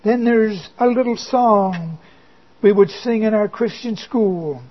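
Slow, high-voiced preacher on lo-fi audio. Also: male voice, breathy edge. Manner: slow, emphatic preaching with dry asides. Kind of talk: sermon. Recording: dull lo-fi recording.

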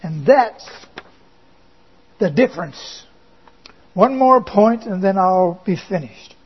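Male preacher, very high voice, slow deliberate delivery, emphatic with wry asides, muffled lo-fi recording. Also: animated, husky. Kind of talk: sermon. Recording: dull lo-fi recording.

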